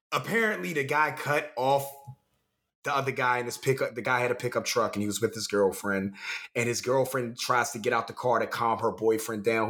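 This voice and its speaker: Animated, bright-voiced man in his twenties. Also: medium pitch. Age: 20s. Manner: animated, swearing, laughs often, acts out quotes. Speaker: podcast co-host. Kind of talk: casual chat.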